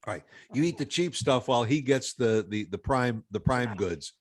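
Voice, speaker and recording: A man hosting a podcast in casual chat, speaking haltingly with frequent restarts. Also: mid-range voice, lively intonation. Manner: halting, many restarts and fillers. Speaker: podcast host.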